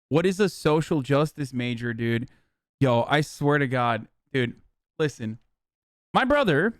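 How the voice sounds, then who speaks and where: A male streamer rants at his chat in heated, profane bursts, blunt and mocking. His voice is smooth and resonant, fairly high for a man, and recorded close and dry with no room sound. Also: no room sound. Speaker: streamer host. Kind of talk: profane live-stream commentary.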